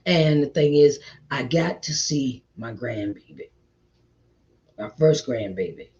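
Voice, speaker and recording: A middle-aged woman hosting an inspirational faith talk, repeating her points warmly and calling listeners child and honey. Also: a bass voice, animated, slow. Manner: repetitive, encouraging, calls listeners child and honey. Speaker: host. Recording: slightly dull lo-fi audio.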